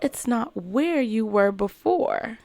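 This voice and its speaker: A woman's voice: fairly high pitch, lively intonation, slow, gravelly, darkish tone, faint music behind, voice pushed down, exaggerated voice. A woman voicing a cryptic, teasing male cat in a game, speaking in a put-on accent with a smug, riddling manner.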